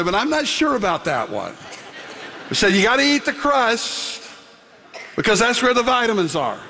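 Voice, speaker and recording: A man's voice: high-pitched, bright, forceful tone. A man preaching a sermon, telling a personal story and then preaching emphatically. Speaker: pastor. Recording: long hall reverb.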